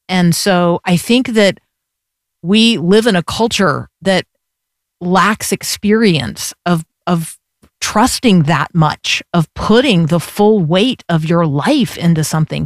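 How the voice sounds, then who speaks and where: A woman hosting a faith radio show, speaking in a reflective, unhurried way and closing with an encouraging exhortation. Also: lowish voice, animated, no echo, studio quality. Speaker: radio host. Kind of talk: faith radio interview and sign-off.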